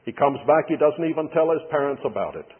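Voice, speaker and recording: A man's voice: a little high, lively intonation, fast, husky. A man preaching a sermon who teaches through folksy storytelling with touches of humor. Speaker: pastor. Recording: tinny broadcast with long hall reverb.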